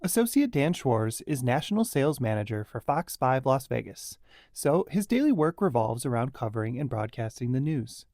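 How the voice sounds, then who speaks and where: A man's voice: mid-range voice, big pitch swings, moderate pace, darkish tone, dry recording. Man reading podcast narration dryly. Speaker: podcast host. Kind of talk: scripted narration.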